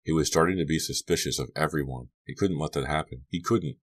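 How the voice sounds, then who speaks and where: A male narrator with an exceptionally deep, low voice reads a teen horror novel aloud. He delivers it as steady scripted audiobook narration and shifts his voice a little for each character's lines. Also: fast.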